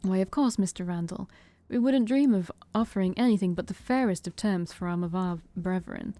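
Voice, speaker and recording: A smug male vampire with a British accent, as a woman puts him on, sing-song and excessively polite in a game story. The tone is mellow, the sound dry and close. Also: on the low side, moderate pace, no echo, soft background music, lightly acted. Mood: smooth.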